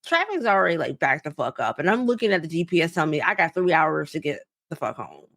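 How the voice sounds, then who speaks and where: A young woman tells a story on a podcast in a slightly low voice. She is animated and profane, and she acts out each side of the exchange. The sound is dry and close, with no room echo. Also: fast talker, vocal fry. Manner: animated, profane, acts out both sides of conversations. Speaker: podcast co-host. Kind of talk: casual storytelling chat.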